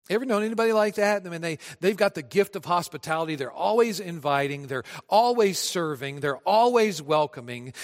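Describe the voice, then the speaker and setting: A man preaching in a lively, conversational way, turning often to speak straight to his congregation. His voice sits a touch high for a man. It carries through a large church hall with long reverb. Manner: conversational, animated, addresses the congregation directly. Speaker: pastor. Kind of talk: sermon.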